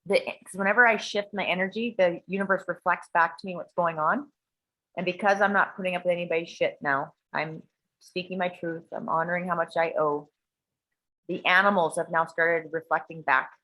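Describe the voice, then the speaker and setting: A woman telling a profane, animated story in casual conversation, acting out voices as she goes. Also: lowish voice, fairly quick, poor audio. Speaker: guest sharing a personal story.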